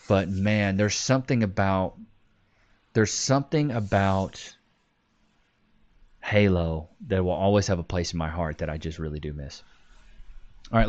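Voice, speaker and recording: A man in his twenties chatting casually on a live stream, telling wild stories and reading comments aloud with animated swearing and laughter. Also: on the low side, lo-fi sound. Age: 20s.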